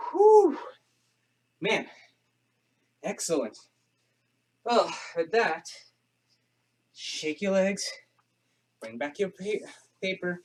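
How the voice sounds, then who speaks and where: Male fitness instructor, slightly high voice, slow unhurried delivery, breathless from exercising, chatty and joking through the burn. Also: fairly bright tone. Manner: chatty, jokes and laughs through the effort. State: panting from exercise. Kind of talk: home workout class instruction.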